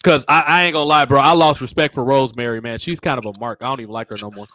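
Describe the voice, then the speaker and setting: A man's voice: medium pitch, steady tone, racing, sharp tone, no room sound. A man hosting a casual wrestling talk show, speaking bluntly and swearing freely. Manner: blunt and profane. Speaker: podcast host.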